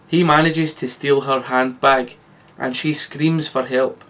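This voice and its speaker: A man reading his own story aloud, with lively narration and occasional slips. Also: mid-range voice, slow.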